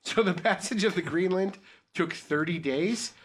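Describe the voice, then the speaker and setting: A man's voice: high voice, a little slow, husky. A young man hosting a podcast, reading a story aloud and joking crudely along the way. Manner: crude, joking, riffs off the script.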